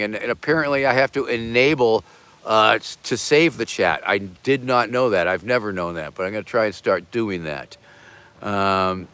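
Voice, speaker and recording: An older man hosting a casual livestream, reading viewer messages with deadpan absurd jokes and bursts of loud begging for donations. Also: lowish voice, no echo. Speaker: livestream host reading super chats.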